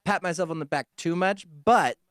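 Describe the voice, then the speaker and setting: Male podcast co-host, high and lively voice, dry close sound, casual storyteller. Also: a little fast, smooth, dry recording. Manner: animated, swearing, acts out voices in his story.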